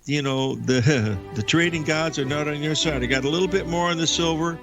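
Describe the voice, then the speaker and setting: Gravelly older man spinning a yarn. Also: a little high, brisk, music in the background. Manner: folksy, chatty, with many restarts and asides to the audience. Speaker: radio show host and veteran trader. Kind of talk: rambling anecdotal storytelling on a talk show.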